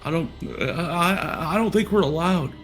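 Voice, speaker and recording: A man's voice: fairly high pitch, moderate pace, a bit bright, faint music behind, pitched above the performer's own voice, lightly acted. A man doing a stammering sweaty man. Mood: nervous. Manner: stammering, hesitant. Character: nervous sweaty middle-aged man.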